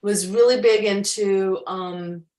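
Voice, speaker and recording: A woman's voice: medium pitch, fairly even intonation, takes it slowly, a crowd in the background. Woman in an echoey room, distant mic. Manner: reflective, meandering, with acted-out inner quotes. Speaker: co-host. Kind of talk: casual spiritual chat over video call. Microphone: video call.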